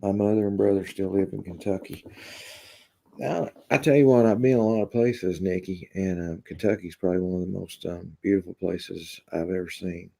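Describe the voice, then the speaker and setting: Low gravelly man chatting on a live stream. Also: moderate pace. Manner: deadpan, rambling with many fillers. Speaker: live-stream host reading chat. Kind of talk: casual live-stream chat.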